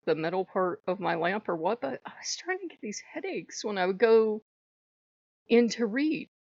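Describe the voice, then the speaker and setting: In a casual vlog, a woman channel host chats in loose digressions and laughs often. Her voice sits in the mid range, and the recording is dry with the highs cut off.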